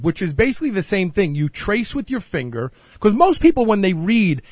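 A man's voice: sits high, no echo. A middle-aged man hosting an interview, talking with enthusiasm and leading into a break. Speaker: host. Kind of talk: radio-style interview hosting.

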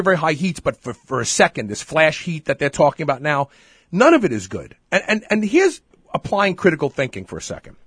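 A man hosting a podcast in casual chat, opinionated and animated, often repeating words as he starts a thought. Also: a little high, slightly rough, no echo, clean studio sound. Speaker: podcast host.

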